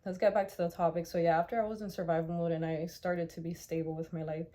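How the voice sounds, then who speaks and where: A young woman speaks straight to her viewers in a personal vlog, raw and heartfelt, with frequent restarts and casual swearing. Her voice is low-set and mellow. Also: little pitch movement, fast talker. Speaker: vlogger. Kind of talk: candid personal vlog talk.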